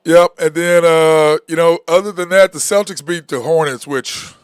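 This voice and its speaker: A man's voice: a little high, moderate pace, clear, resonant tone, no echo, clean studio sound. A man hosting a sports talk show, talking bluntly and with animation in casual sports chat. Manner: blunt, animated, says "okay?" and "bro" a lot.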